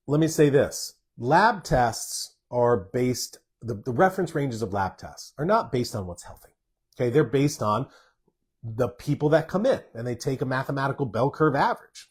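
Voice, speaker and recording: A man's voice: medium pitch, husky. A man, a doctor hosting a live stream, casually answers viewer questions and stresses points by repeating words.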